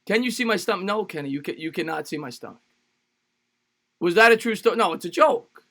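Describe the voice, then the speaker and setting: A man with a high, bright, forceful voice calls a football game live for his stream. He fires off the action in short bursts, then greets viewers by name and jokes loosely between downs. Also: animated. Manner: rapid play-by-play calls, greets chatters by name; jokey and loose, repeats phrases. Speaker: livestream sports host. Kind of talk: live play-by-play commentary and chat reading.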